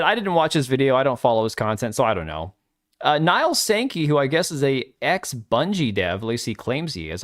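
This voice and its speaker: A man from Washington state hosts a casual gaming livestream. He rambles through opinions and chat messages, blunt and offhand, with the odd swear word. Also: mid-range voice. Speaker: livestream host.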